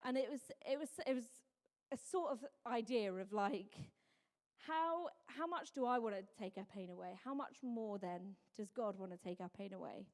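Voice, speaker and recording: High-pitched woman preaching, lots of storytelling, does little voices, echoey hall. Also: moderate pace. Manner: animated storytelling with mimicked voices and laughs. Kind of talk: Mother's Day sermon. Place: church hall. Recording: long hall reverb.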